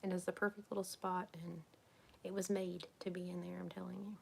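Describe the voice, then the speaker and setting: A woman's voice: on the low side, little pitch movement, fairly quick, creaky, darkish tone, a little hiss or hum. A woman, chatting casually and rambling on a live craft stream, often dropping to a whisper. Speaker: crafting vlogger.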